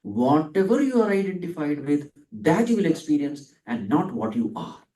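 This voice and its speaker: Speaking very animatedly in a fairly high, dark-toned voice, this man gives a Vedanta talk as a spiritual teacher. He answers his own questions and lingers slowly over Sanskrit words, recorded from afar in a reverberant room.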